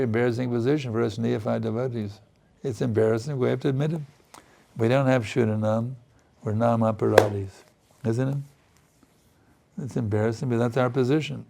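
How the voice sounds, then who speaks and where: A man's voice: medium pitch, steady tone, moderate pace, creaky, long pauses, darkish tone. A man giving a spiritual sermon, telling a story and acting out earnest, pleading prayers. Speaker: spiritual teacher.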